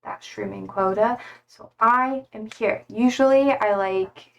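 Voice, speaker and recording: A woman's voice: medium pitch, a little slow, creaky, highs cut off. A young woman streaming live, chatting casually with her viewers, laughing often and swearing freely. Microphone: streaming setup.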